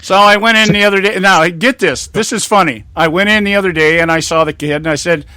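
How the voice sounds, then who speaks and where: A man tells his stories with a high pitch and laughs often at his own jokes. His voice sounds close and dry, with no room around it. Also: a little fast, clear, resonant tone, no room sound. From California. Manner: animated storytelling, acts out quoted exchanges. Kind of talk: casual political chat.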